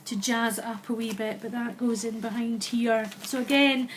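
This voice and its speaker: A Scottish woman casually walking through her handmade album, chatty and unhurried, often pausing to find the right word. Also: fairly high pitch, steady tone, slight background noise. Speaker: crafter showing a handmade album. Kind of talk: casual show-and-tell walkthrough.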